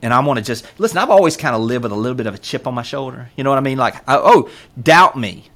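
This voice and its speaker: A man with a Southern US accent and a medium-pitched, rapid-fire voice appears as a podcast guest in casual interview chat. He talks earnestly and with feeling, an animated storyteller full of fillers and pep-talk lines.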